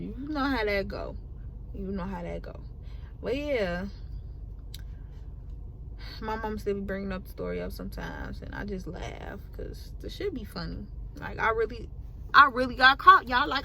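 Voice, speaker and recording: An eighteen-year-old woman vlogger telling a casual storytime, animated and full of slang and swearing. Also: lowish voice, creaky, a little hiss or hum.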